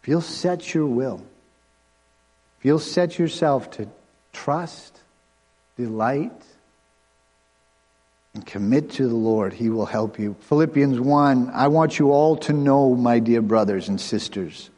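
A man preaching a sermon as pastor, conversational, with quick asides and bursts of fast talk. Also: medium pitch, dark tone. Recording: long hall reverb.

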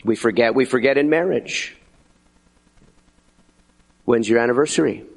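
A middle-aged man preaching a sermon as pastor, animated and conversational, slipping into acted asides. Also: medium pitch, a little slow, gravelly.

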